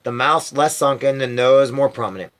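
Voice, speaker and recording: Bright-voiced man reading a story aloud. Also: medium pitch, normal speed. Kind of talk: storybook read-aloud narration.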